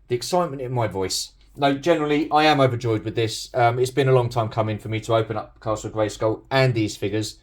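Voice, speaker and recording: A man's voice: medium pitch, fast talker, few pauses. A middle-aged British man chatting casually about his toy collection, rambling and self-deprecating with plenty of fillers. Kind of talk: casual unboxing commentary.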